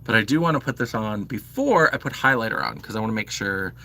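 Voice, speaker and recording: A man's voice: fairly low pitch, lively intonation, quick pace, bright, forceful tone. A man hosting a live makeup stream, chatting casually with many fillers and answering viewers' comments. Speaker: livestream host. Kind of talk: casual makeup livestream chat.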